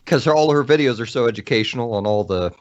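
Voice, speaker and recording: A man's voice: medium pitch, expressive, quick pace, highs cut off. A man co-hosting a casual games podcast, explaining things in a thoughtful, hedging way. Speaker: podcast co-host.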